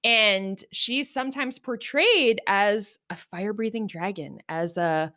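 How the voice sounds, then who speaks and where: A middle-aged woman co-hosting a podcast, talking earnestly and reflectively, lively when she acts out everyday examples. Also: medium pitch, slow. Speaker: podcast co-host. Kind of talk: reflective conversational podcast talk.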